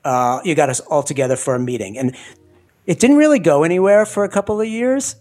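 A man hosting an interview podcast, talking in an animated way and laughing often. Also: on the high side, fairly quick. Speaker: podcast host. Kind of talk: conversational interview.

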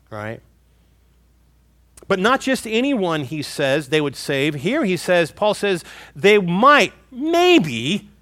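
A man's voice: a little high, fairly bright tone, no room sound. A man preaching a sermon as a pastor, stressing key words and calling his listeners folks.

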